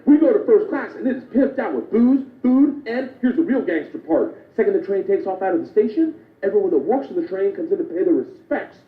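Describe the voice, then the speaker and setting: A brash man tells a stand-up story to a live crowd, swearing freely and chuckling at his own punchlines. His voice is fairly high and swings widely in pitch. The sound is tinny and phone-like, in a roomy echo with a faint hiss. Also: expressive, fairly quick, few pauses. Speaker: stand-up comedian.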